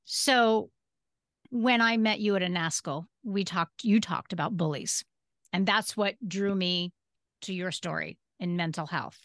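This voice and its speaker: A woman's voice: mid-range voice, a little slow, fairly bright tone, dry recording, studio quality. A woman in her fifties, a guest on a podcast, telling her personal story earnestly and emphatically, repeating key phrases. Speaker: podcast guest and disability advocate. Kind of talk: casual interview storytelling.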